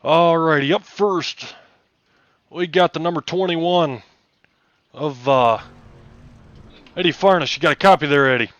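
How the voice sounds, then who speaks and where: A man interviewing drivers after a sim race, hoarse, folksy and excitable with lots of fillers. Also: a little high, measured pace, pauses often, lo-fi sound. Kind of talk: casual post-race interview over voice chat.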